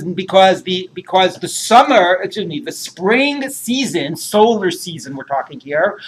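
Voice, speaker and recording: A man teaching a Talmud class, translating Aramaic phrases line by line, chatty and prone to jokes. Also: high voice.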